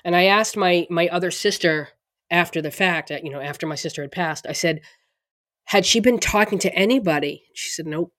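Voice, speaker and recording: A middle-aged woman with a fairly low voice, chatting casually as a podcast co-host. She talks in halting stops and restarts and laughs now and then. The sound is close and dry. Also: a bit bright, no room sound. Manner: halting, many restarts, laughs through hard moments. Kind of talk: casual conversation.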